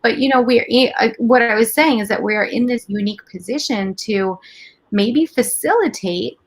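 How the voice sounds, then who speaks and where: A woman's voice: fairly high pitch, normal speed, husky. A woman speaking as a guest in a candid couch conversation, emotional and reflective, often restarting her sentences. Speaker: interview guest.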